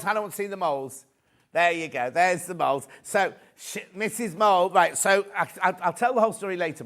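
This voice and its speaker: A man presenting a live TV shopping show, chatty and excitable, reading out prices and viewer messages. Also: a little high. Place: TV studio.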